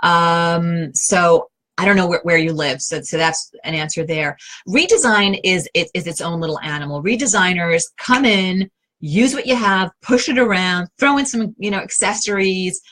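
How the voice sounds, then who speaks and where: A woman's voice: lowish voice, normal speed, a bit bright, rough recording. A middle-aged woman with a New York accent, an interior design advisor answering viewer questions in a chatty, direct way with many fillers and restarts.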